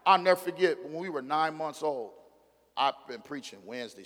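A middle-aged male pastor preaching a sermon with call-and-response, moving from quiet asides to loud, shouted emphasis. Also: mid-range voice, fairly quick. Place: church sanctuary. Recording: long hall reverb.

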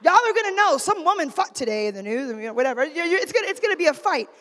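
High-voiced woman preaching in a reverberant church. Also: very animated, rapid-fire. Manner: swings from shouted exhortation to quiet storytelling. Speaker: preacher, pastor's wife. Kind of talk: sermon with personal story. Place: church sanctuary. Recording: long reverb of a church hall.

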